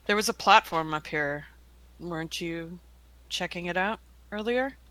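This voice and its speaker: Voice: medium pitch, a little slow, sharp tone, dry recording. A player in a tabletop game chatting casually and asking direct questions. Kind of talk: casual play chat.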